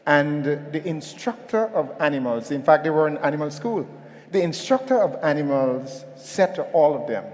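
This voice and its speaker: Telling a story and prompting the audience to respond, this keynote speaker gives a motivational talk in a hall full of echo. He sounds a little high and animated, at a moderate pace, with a darkish tone.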